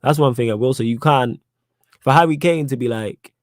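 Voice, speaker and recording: A man's voice: medium pitch, moderate pace, dry recording. A young man hosting a live football podcast, reading chat questions in a slangy, emphatic way and repeating his points. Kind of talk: casual live-stream chat.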